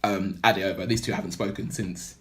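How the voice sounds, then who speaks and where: A man's voice: low-pitched, steady tone, fairly quick. A man on a podcast, casually recapping a film plot in a rambling way full of "like" and "blah blah". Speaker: podcast co-host.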